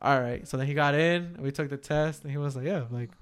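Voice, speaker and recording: A man's voice: fairly high pitch, quick pace, smooth. A young man, co-hosting a podcast and telling a story in a loose, profane, slangy way. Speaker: podcast co-host. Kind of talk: casual chat, storytelling.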